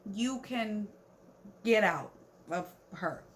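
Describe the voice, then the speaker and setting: A woman voicing a sad young woman who pleads softly with her former partner, reading it out in her own voice. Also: mid-range voice, expressive, very slow, a little hiss or hum. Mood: wistful.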